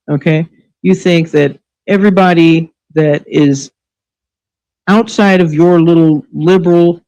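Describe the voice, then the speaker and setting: A woman's voice: on the low side, mellow, rough recording. Furious, profane woman ranting live. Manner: angry, profane, sarcastic; scolding, rhetorical questions. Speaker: livestream show host.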